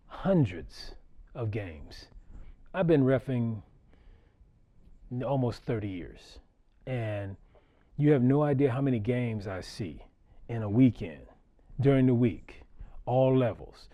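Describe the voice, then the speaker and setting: A man's voice: medium pitch, dull audio. A middle-aged man, a basketball referee, telling a story to an audience in a conversational way, chuckling and repeating words as he restarts. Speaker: basketball referee giving a talk. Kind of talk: storytelling public talk.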